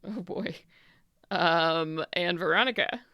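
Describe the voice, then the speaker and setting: A woman's voice: fairly low pitch, slow pace, no room sound, highs cut off. A woman narrating as game master for a tabletop game, describing scenes in a rambling way full of likes and uhs.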